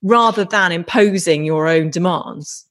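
A woman's voice: on the low side, a little slow. A woman in her forties hosting an interview, agreeing with her guest and asking thoughtful questions. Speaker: podcast host. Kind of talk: interview chat.

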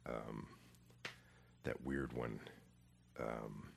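A middle-aged man with an extremely deep voice and heavy gravel in it. He chats casually as an interview guest, rambling through his anecdotes and poking fun at himself. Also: steady tone, very slow. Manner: rambling, self-deprecating storyteller.

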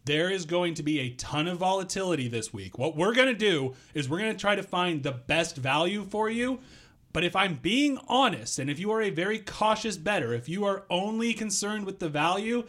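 High, bright-voiced man in his thirties. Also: animated, normal speed. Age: 30s. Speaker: podcast co-host. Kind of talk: sports betting podcast chat.

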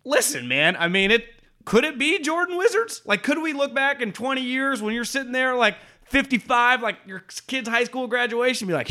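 Animated chatty man, lively pitch. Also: moderate pace. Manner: animated, rambling, swears freely, laughs often. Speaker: sports betting podcast co-host. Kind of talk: casual sports chat.

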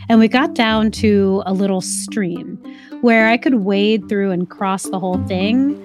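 A woman recounting a personal story in a relaxed, reflective voice at a middling pitch. She speaks conversationally, often dropping in little fillers as she goes. Clear music plays underneath her. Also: unhurried. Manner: reflective, uses many fillers like "like" and "you know".

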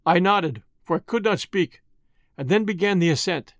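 A man narrates a first-person adventure novel with measured, dramatic phrasing. His voice sits on the high side. The recording is close and dry. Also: animated, dry recording. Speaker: audiobook narrator.

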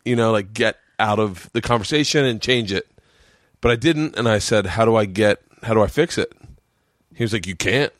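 This fairly low-pitched voice belongs to a man in his forties who hosts a podcast and moves at a normal speed. Slightly drunk, he tells a long, profane story, laughing and wandering as he goes, and the studio-quality audio has no room sound.

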